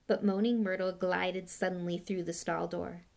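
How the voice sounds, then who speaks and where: A woman's voice: lowish voice, little pitch movement, normal speed, gravelly, a little mellow. A woman reading a novel aloud in a plain way with small slips and restarts. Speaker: audiobook reader.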